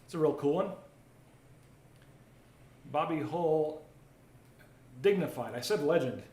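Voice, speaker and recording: Card break host, male, casual patter while opening packs, slightly high voice, roomy sound. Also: animated, slow pace, mellow. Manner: chatty, reads viewer comments aloud while opening packs. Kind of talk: live card break commentary. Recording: roomy echo, faint ambient noise.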